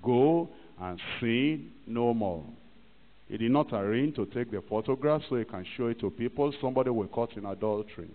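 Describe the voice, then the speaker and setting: A pastor with a medium-pitched voice preaches fast, barely pausing, captured in a tinny archive recording in a reverberant hall. He delivers the sermon emphatically and acts out little scenes from church life.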